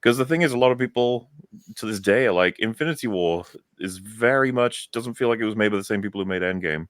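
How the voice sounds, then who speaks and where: A deep-voiced man chatting on a panel show, animated and blunt, with the odd casual curse thrown in. His voice sounds very dry and close, with no room echo at all. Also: quick pace.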